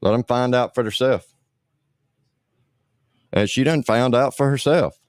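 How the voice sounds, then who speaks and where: A man's voice: medium pitch, unhurried, a little mellow, dry recording, clean studio sound. A man hosting a livestream, ranting bluntly with lots of swearing and repetition. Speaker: livestream host.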